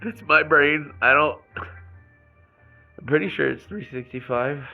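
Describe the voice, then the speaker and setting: A man's voice: a little high, slow pace, gravelly, narrow, tinny audio, faint music behind. A man venting angrily and rawly into the camera in an emotional personal rant, stumbling and swearing as he talks. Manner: angry, raw venting with restarts and swearing. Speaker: vlogger.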